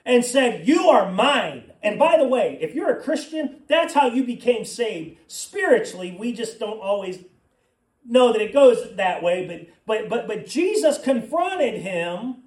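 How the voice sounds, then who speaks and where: Male pastor with a high voice, conversational sermon with asides; echoey room, mic set back. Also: big pitch swings, unhurried, a little mellow, distant mic. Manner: conversational preaching with personal asides.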